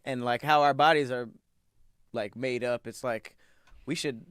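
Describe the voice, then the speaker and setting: A man's voice: mid-range voice, steady tone, a little slow, fairly bright tone, smooth, dry recording, clean studio sound. A man co-hosting a casual podcast, chatting loosely and reading facts aloud between jokes. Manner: laid-back, reads facts aloud between banter. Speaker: podcast co-host. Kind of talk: casual chat.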